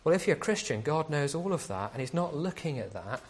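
A man's voice: a little high, sing-song, a little fast, breathy edge. A man preaching a sermon as a pastor, speaking conversationally and often asking rhetorical questions.

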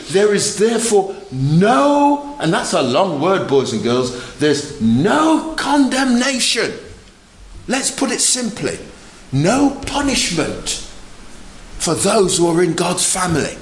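A man preaching a lively sermon, asking the congregation questions and joking with them. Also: high voice, reverberant, a little hiss or hum, poor audio. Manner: animated, asks the congregation questions, jokes. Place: church.

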